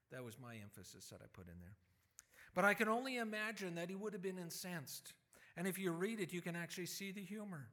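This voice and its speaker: A male pastor preaching a sermon in a relaxed, conversational way, with fillers and restarts, sometimes acting out quotes. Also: high-pitched, brisk. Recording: long hall reverb.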